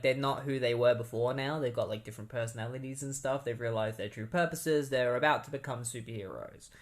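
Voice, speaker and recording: A man hosting a podcast, casually recapping a comic book story in a rambling way with many fillers. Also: mid-range voice. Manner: rambling, heavy use of "like" and "um" fillers. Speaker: podcast host.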